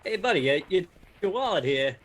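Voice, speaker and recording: A man's voice: sits high, big pitch swings, fairly quick, fairly bright tone, exaggerated voice. A man voicing a sly male pickpocket who talks in a breezy, offhand way.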